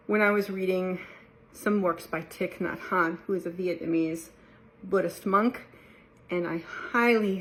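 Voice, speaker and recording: A woman talking casually about mindfulness to her viewers, relaxed and chatty, often laughing and slipping into playful quoted voices. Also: medium pitch. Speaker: mindfulness vlogger. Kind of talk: casual talk to camera.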